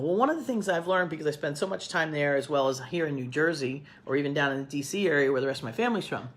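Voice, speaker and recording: A middle-aged woman who teaches cooking, talking to camera at home in a chatty, rambling, upbeat way. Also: low-pitched. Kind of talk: casual talk to camera.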